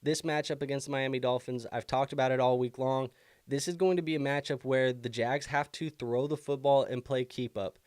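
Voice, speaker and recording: Brisk and steady, the young man's medium-pitched, slightly mellow voice hosts a live fantasy football stream where he casually takes viewer questions. He thinks aloud with many fillers and is bothered by the hiccups, and the studio-quality audio has no echo.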